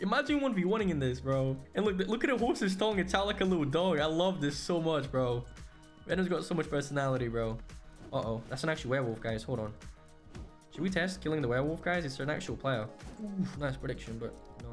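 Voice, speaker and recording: Young male gamer from Portugal, bouncy and animated, game music faintly underneath. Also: on the high side. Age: 20s. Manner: excitable, exclaiming, slangy. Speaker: gaming creator. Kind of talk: excited gameplay commentary.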